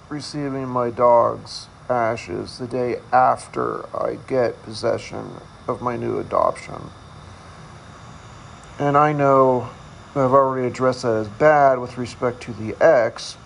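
A man hosting a casual solo podcast, talking in a candid, self-deprecating, halting way. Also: mid-range voice, creaky, slight background noise, poor audio. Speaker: podcast host.

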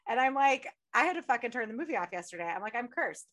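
A woman's voice: a little high, very fast. A woman from Upstate New York hosting a casual podcast, telling stories with lots of cursing and frequent laughter. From Utica, New York. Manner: profane, laughs often, animated storytelling. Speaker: podcast host.

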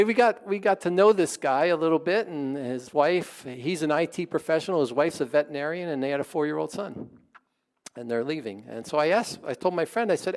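A pastor telling a story in his sermon, in a conversational and animated way. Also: on the high side, gravelly.

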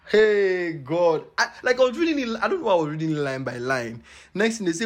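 A young man hosting a podcast, telling a personal story in an animated, exclamatory way, laughing as he goes. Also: a little high, moderate pace. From Nigeria. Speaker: podcast host.

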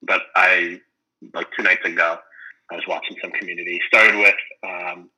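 A man chatting casually, rambling and animated as he retells funny scenes, full of "like" and "um". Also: deep voice, moderate pace, husky, low-quality recording. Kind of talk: casual chat about a sitcom.

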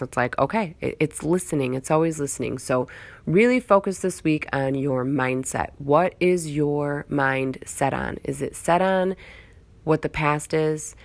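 A woman with a low voice and a gravelly edge, talking straight to her listeners in an earnest, rambling motivational monologue. She circles back on her phrases and repeats them for emphasis. The sound is dry and close, with no room around it. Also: unhurried, dry recording. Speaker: motivational speaker.

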